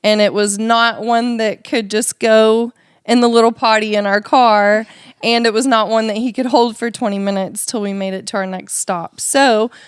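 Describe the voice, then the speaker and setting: Smooth-voiced woman telling a candid story. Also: a little high, fairly even intonation, normal speed, no echo, clean studio sound. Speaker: podcast co-host. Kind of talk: faith podcast conversation.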